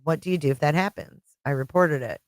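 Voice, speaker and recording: Middle-aged woman, deep voice, friendly rambling livestream host, dry close sound. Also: fairly quick, no echo. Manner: chatty, greets viewers by name. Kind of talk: casual live-chat stream.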